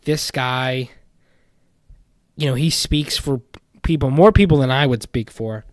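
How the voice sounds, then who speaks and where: A young man hosting a casual podcast, commenting on paranormal community drama with animated indignation that drops into muttering. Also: mid-range voice, no room sound, studio quality. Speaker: podcast host.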